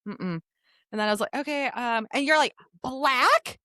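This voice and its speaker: A woman's voice: high-pitched, expressive, moderate pace, pushed and bright, no room sound, clean studio sound. A young woman co-hosting a casual chat, giggling often and acting out quotes in put-on voices. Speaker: podcast co-host.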